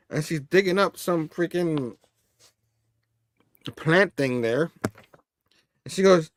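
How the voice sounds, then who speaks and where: A man hosts a relaxed comic-book review, chuckling often and talking loosely as he recaps. His voice sits a little high, and the sound is dry and close. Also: slow, long pauses, dry recording. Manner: laughs often, loose, acts out dialogue. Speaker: show host, comic reviewer. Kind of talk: casual comic review chat.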